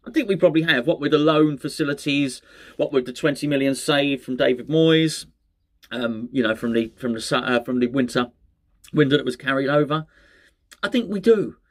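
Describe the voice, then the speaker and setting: Chatty man rambling about football. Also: mid-range voice. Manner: chatty, rambling, self-mocking asides. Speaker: fan channel host. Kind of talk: casual solo football chat.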